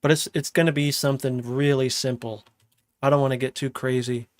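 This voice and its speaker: A young man chatting casually on a livestream as he makes music, slangy and relaxed, often laughing. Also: medium pitch, brisk. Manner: laid-back, slangy, laughs often, talks while working. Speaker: music producer streaming. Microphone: studio microphone.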